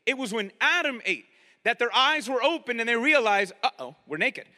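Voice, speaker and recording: A man preaching a sermon in a lively, conversational way, often turning to ask his listeners questions. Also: very high voice, normal speed, long reverb tail. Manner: animated, conversational, asks the audience directly.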